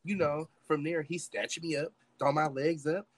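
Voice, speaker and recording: A man's voice: a little high, steady tone, normal speed. A young man telling a story in casual chat, dramatic and acting out every quote. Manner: dramatic, acts out the quotes, swears freely. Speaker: podcast co-host telling a story.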